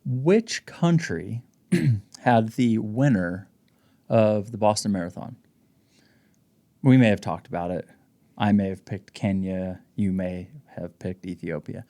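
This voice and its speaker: A man co-hosting a casual running podcast, an animated storyteller who jokes with his partner. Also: on the low side, slow pace. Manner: animated storyteller, does voices in anecdotes. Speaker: podcast co-host. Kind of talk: casual chat.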